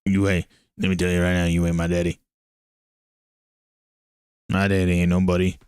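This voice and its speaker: A man's voice: deep voice, monotone, darkish tone, clear, resonant tone, dry recording, clean studio sound, lightly acted. A man putting on a drawling tough guy who keeps insisting someone is not his father. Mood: defiant. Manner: slow rambling drawl, repetitive.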